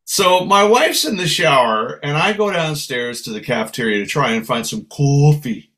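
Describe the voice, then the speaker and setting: Male guest musician, lively raconteur, slightly raised pitch. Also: normal speed. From San Francisco. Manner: lively storyteller, acts out voices. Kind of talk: casual interview anecdotes.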